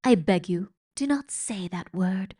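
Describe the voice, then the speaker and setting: A woman voicing a gruff, scornful woman servant in a storybook reading, speaking in a raised voice. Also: mid-range voice, animated, unhurried, dark tone, no echo, studio quality. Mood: soothing. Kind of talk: storybook read-aloud.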